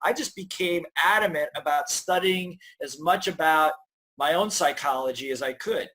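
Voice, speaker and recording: This is a middle-aged man with a fairly high voice, speaking as a guest author in a conversational interview. He tells stories with energy and acts out the voices people hear in their heads. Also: moderate pace, bright, forceful tone, a little hiss or hum.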